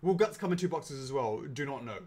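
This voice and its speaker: A man's voice: medium pitch, lively intonation, a little fast, a little mellow. A man hosting a casual question and answer chat, rambling and joking as he reads out questions. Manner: rambling, jokey, laughs often. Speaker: host.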